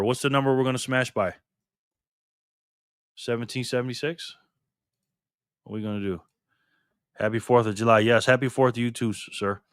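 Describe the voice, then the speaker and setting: A man's voice: on the low side, no room sound, studio quality. An upbeat man hosting a live stream, chatting casually and greeting viewers by name. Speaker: livestream host. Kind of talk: casual live stream chat reading comments.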